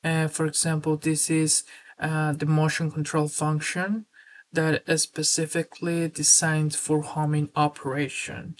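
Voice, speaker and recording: A woman presenting a screen-recorded software tutorial, explaining steps steadily and filling pauses with "uh". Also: low voice. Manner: steady explanatory walkthrough with filler words.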